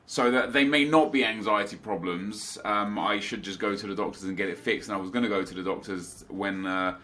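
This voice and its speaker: A young man hosts his gaming channel, chatting casually from his home office. His voice is bright and forward, with a slightly stuffy nose. He rambles, restarts sentences and wanders into asides. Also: on the low side, a little fast. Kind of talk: casual chat to camera.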